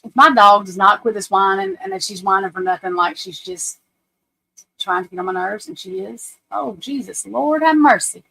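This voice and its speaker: A woman's voice: mid-range voice, moderate pace, gravelly, pushed and bright, slightly rough, rough recording. A woman, hosting a casual livestream at home, chatty and self-deprecating, talking to viewers and her computer. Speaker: livestream host.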